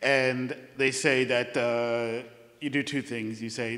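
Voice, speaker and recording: A man with a bright, forceful voice puts questions to a guest on stage, haltingly, repeating words as he searches for them. His voice carries a long reverb from the public hall. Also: mid-range voice, level tone. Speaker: interviewer. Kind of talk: onstage conversation.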